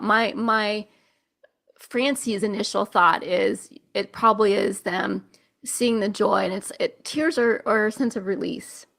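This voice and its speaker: A woman hosting a live intuitive reading show, speaking softly and slowly, at times close to tears. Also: mid-range voice, vocal fry. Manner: soft, gentle, slow and emotional. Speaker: intuitive reader, show host. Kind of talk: live psychic reading session.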